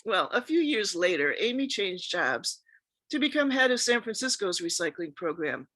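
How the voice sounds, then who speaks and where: Woman, storyteller, expressive reading, lively pitch, dry close sound. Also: normal speed, no room sound. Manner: expressive reading that acts out quoted speech. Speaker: radio show host. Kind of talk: scripted storytelling narration.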